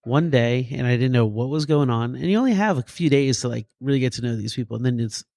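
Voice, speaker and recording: A man in his thirties, a medic and doctor, tells stories in a podcast interview with a goofy, lively streak and acts out the voices of the people in them. His voice sits at an ordinary middle pitch. The sound is dry and close. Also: quick pace, creaky, dry recording. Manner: animated, goofy storyteller who acts out quotes. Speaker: paramedic and EMS physician guest.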